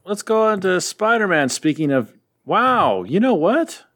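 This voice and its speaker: A man's voice: sits high, sing-song, a bit bright. A man hosting a casual chat, retelling a story in a rambling, playful way and briefly voicing the characters. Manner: rambling, playful retelling with quick voiced asides. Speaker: podcast host recapping comics.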